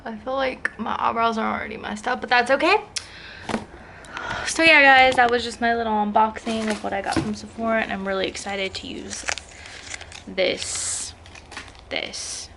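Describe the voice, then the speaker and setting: A woman's voice: on the high side, steady tone, moderate pace, gravelly, pushed and bright, slight background noise. Chatty young woman unboxing beauty products. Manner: chatty, addressing viewers as guys. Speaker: beauty vlogger.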